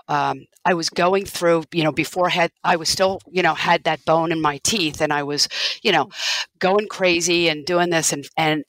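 A woman's voice: low-pitched, fairly bright tone, dry recording, rough recording. A woman business owner telling her story in an interview, earnest and reflective, often restarting her sentences.

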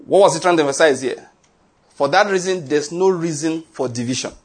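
A man's voice: on the high side, fairly quick, husky. A man preaching a sermon, telling stories and asking the congregation rhetorical questions. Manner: animated storytelling with rhetorical questions. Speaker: pastor.

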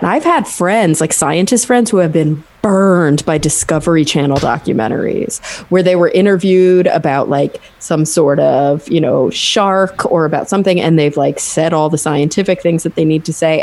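A young woman hosts a podcast, chatting casually in a low voice at a moderate pace. She's an animated storyteller, acting out the people and their quotes.

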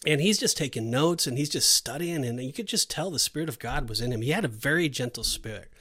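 A man's voice: medium pitch, fast talker, husky. A middle-aged man on a podcast, telling a story in casual chat and acting out the dialogue. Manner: animated storyteller, acts out dialogue. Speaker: podcast co-host.

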